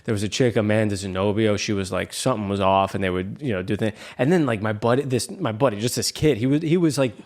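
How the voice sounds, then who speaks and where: A man co-hosting a podcast in a relaxed, easygoing way, often answering with short agreeing replies. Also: on the low side, fast, hardly any pauses. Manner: laid-back, lots of short agreeing replies. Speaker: podcast co-host. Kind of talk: casual chat.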